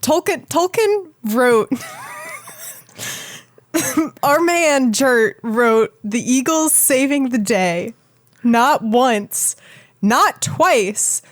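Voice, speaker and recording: A woman's voice: high voice, expressive, extremely slow, dry recording, clean studio sound. A woman co-hosting a casual podcast chat, laughing and rambling as she keeps breaking off her own sentences. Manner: laughing, rambling, self-interrupting. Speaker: podcast co-host.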